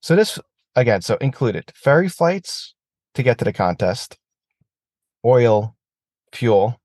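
A man's voice: mid-range voice, takes it slowly, no room sound. A man talking casually about aerobatic flying, swearing freely and ranting when heated. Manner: profane, animated rants. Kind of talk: casual chat.

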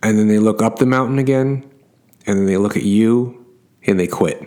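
Lower-pitched man telling a story emphatically. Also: moderate pace, mellow. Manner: emphatic, repeats words for effect. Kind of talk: casual storytelling monologue.

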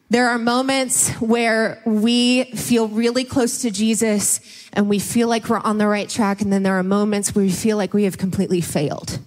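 A young woman from Ohio speaking to a church congregation, emotional and laughing, often close to tears. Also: a little high. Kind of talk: Mother's Day church talk. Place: large church hall. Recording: long reverb of a hall.

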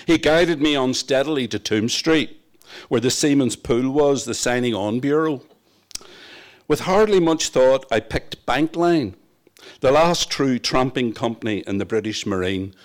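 A man from Northern Ireland reading his own memoir aloud in a wry, reflective storytelling manner. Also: mid-range voice. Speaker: narrator. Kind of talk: first-person memoir reading.

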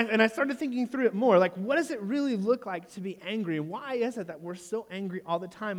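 A man in his thirties preaching a sermon, telling a story with humor and often checking in with "right?". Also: high voice. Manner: animated, jokey storyteller who asks the room "right?". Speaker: pastor. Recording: long reverb of a large hall.

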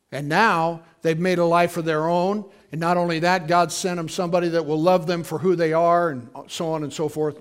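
A man preaching a sermon as pastor, talking casually to his congregation, acting out quoted voices, with sudden loud bursts. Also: fairly high pitch, clean tone.

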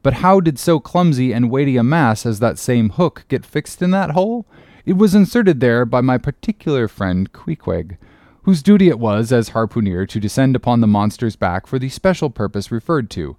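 A man narrates an old novel with a lively, rising and falling pitch and a measured pace. The recording is dry and close, with no room sound. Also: no echo. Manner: measured, expressive storytelling. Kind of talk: audiobook reading of a classic novel.

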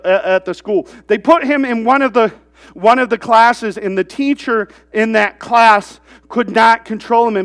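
A man's voice: high-pitched, fairly bright tone. A man preaching a sermon in a conversational way, often checking in with "right?" and telling stories about his kids. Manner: conversational, asks rhetorical questions. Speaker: pastor.

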